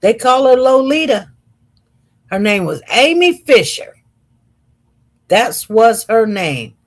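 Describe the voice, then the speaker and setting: Slow, chatty woman livestreaming. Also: on the high side, very animated. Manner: chatty, slow and meandering, addresses viewers as y'all. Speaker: livestream host. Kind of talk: casual livestream chat reading comments.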